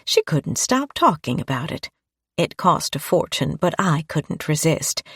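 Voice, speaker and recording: A woman's voice: deep voice, very animated, measured pace, fairly bright tone, slightly rough, dry recording, clean studio sound, full character voice. A woman voicing a doting grandmother in an audiobook, speaking in a sing-song way.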